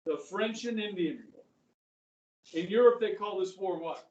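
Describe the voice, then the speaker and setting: A middle-aged man teaching a high school history class, chatty, quizzing students and saying "okay" often. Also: unhurried, a little mellow, lo-fi sound. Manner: conversational, asks the class questions, frequent "okay". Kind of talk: classroom lecture. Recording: echoey room, voice from far off.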